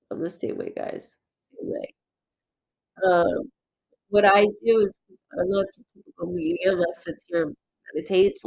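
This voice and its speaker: A woman hosting a live psychic reading stream, halting and stuffed up from crying, calling out names and letters to viewers. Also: fairly low pitch, creaky, darkish tone, lo-fi sound. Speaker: psychic medium host.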